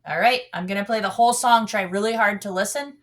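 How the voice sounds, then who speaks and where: A woman's voice: medium pitch, fast, slight background noise. A woman teaching a piano lesson, explaining patiently and singing out counts while she plays. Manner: patient, demonstrates with sung counts. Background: piano playing.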